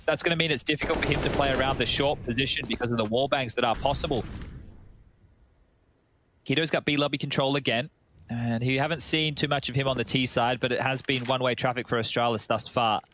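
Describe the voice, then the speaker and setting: An Australian man giving relaxed, analytical colour commentary on an esports match. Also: mid-range voice, fast, a little hiss or hum.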